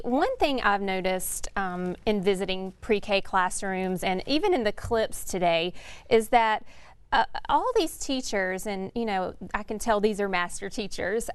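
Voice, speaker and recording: A woman hosting an educational webinar, speaking in a measured, scripted way. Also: on the high side, clear, resonant tone, no echo. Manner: measured, reads from a script with fillers. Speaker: webinar host.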